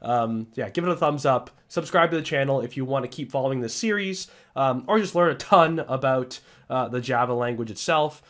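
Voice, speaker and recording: In a screen-recorded coding tutorial, a male instructor talks a little fast with few pauses, his medium-pitched voice excitable and emphatic. He rants a bit and sounds slightly sick.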